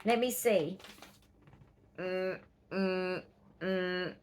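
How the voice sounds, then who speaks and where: A woman in her fifties with an Australian accent, chatting casually in a vlog and telling stories with quick, excitable asides. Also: lowish voice, clear, resonant tone. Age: 50s. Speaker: vlogger. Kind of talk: casual chat.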